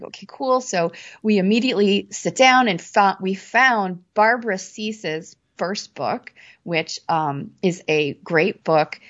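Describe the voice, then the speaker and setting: A woman telling a story as an interview guest, animated and acting out what people said. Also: on the low side, muffled recording. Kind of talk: casual storytelling.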